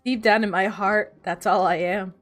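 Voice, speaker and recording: A woman's voice: medium pitch, steady tone, normal speed, soft background music. A woman streamer chatting casually while playing a game, rambling and laughing often. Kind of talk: casual gaming stream chat.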